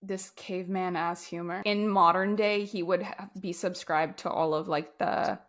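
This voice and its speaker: A woman's voice: lowish voice, steady tone, moderate pace. A young woman co-hosting a podcast, chatting bluntly and sardonically about a movie and swearing casually. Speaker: podcast co-host. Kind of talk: casual movie review chat.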